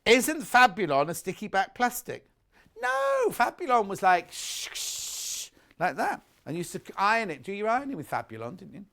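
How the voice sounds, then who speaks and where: A man's voice: high voice, huge pitch swings, fairly quick, gravelly, bright, forceful tone. A middle-aged British man presenting live on a shopping channel, chatting and gossiping between products and viewer messages. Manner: chatty, gossipy, rambling asides. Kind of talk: live selling chat, reading viewer messages.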